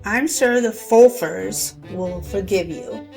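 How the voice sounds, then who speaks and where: A woman's voice: medium pitch, takes it slowly, vocal fry, darkish tone, faint music behind. A woman co-hosting a podcast, chiming in with short encouraging remarks. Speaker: podcast co-host. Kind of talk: casual chat.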